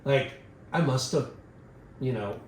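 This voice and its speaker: A man telling a wild story in a casual, animated and profane way, acting out the other people's voices. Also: mid-range voice, slow, a little hiss or hum. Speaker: podcast co-host telling a story. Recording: echoey room.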